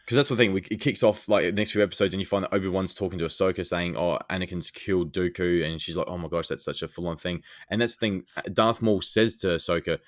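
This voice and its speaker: Man, very low voice, dry close sound, rambling excited recap, podcast co-host. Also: quick pace, hardly any pauses, dry recording. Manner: excited, rambling scene retelling with many fillers. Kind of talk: casual chat.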